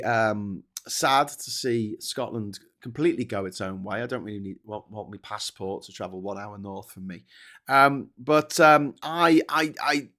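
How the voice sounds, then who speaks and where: A man's voice: mid-range voice, fairly bright tone. A man hosting a livestream of political commentary, rambling and sweary, with sarcastic asides. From England.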